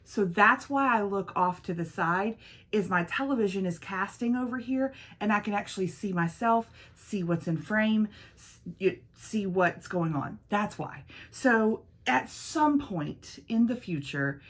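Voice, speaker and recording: A woman's voice: medium pitch, lively intonation, unhurried. A woman hosting a casual get-ready-with-me vlog, rambling in a friendly way and talking straight to her viewers. She records on a phone in her makeup room at home. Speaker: beauty vlogger host. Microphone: iPhone camera.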